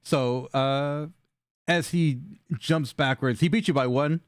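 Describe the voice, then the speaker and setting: A man's voice: mid-range voice, slow, no room sound, clean studio sound. A man running a tabletop game as dungeon master, narrating loosely with fillers and cursing.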